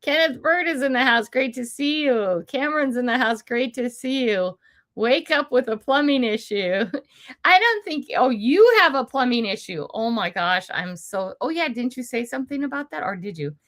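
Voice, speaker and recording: A woman's voice: on the high side, expressive, moderate pace, a bit bright. Chatty older woman on a livestream. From United States. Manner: chatty and rambling, laughs often, reads out viewer comments. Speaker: livestream host. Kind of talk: casual live chat with viewers. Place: at home indoors.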